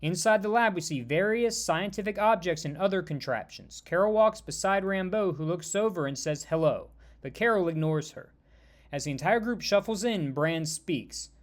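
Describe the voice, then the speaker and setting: A man narrating a fan-made superhero story in a steady, scripted storytelling manner. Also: sits high, moderate pace.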